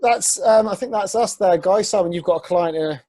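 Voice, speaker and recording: A man's voice: high-pitched, moderate pace, dark tone. Joking self-deprecating host, man. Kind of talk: casual podcast chat.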